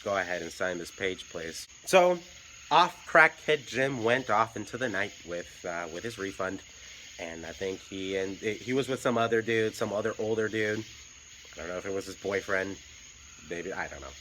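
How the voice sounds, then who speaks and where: A man telling a story in a relaxed, unscripted way, with dry, profane asides and plenty of stammered restarts. His voice is bright and forward, with a faint hiss behind it. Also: on the low side, moderate pace, rough recording. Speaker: hotel night clerk telling stories. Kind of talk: casual storytelling.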